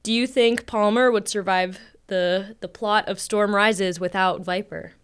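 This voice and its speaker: A woman's voice: medium pitch, fairly even intonation, a little slow, smooth. A woman leading a casual interview, asking questions in an upbeat way and giggling now and then. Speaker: interviewer, co-host.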